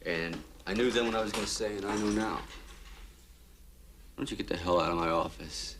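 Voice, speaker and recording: An actor playing a cocky low-voiced union organizer. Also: male voice, fairly quick, close to an everyday voice. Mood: defiant. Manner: streetwise, teasing, blunt. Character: brash young male union organizer, cocky and pushy. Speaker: union official. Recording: film soundtrack with steady background noise.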